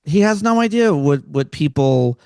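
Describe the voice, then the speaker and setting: A man's voice: fairly high pitch, lively intonation, normal speed, a little mellow, smooth, dry recording, clean studio sound. A male comedian joining a radio panel as a guest, talking earnestly and rambling through his points. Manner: rambling, earnest, restarts mid-thought. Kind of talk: casual panel chat.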